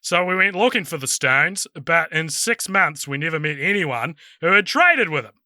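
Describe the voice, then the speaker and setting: A man's voice: a little high, sing-song, moderate pace, pushed and bright, dry recording, studio quality, full character voice. A man with a New Zealand accent voicing an older male butler, telling a story with mock solemnity as a comic podcast impression.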